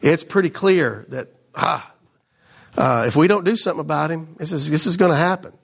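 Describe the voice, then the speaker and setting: A man's voice: fairly high pitch, a little fast, creaky, breathy edge. A man giving a casual sermon as a Bible teacher, in a conversational way that keeps checking in with his listeners. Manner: conversational, keeps asking "right?".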